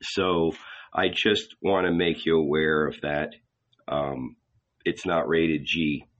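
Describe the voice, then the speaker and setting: A man giving a measured, deliberate dramatic reading of a novel. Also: a bass voice, fairly even intonation, fairly bright tone. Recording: slightly dull lo-fi recording.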